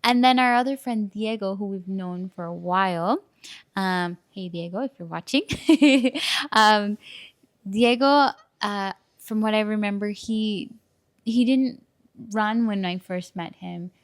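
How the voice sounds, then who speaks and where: A woman's voice: mid-range voice, measured pace. A young woman co-hosting a casual podcast conversation, chatty and giggly, with frequent ums. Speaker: podcast co-host.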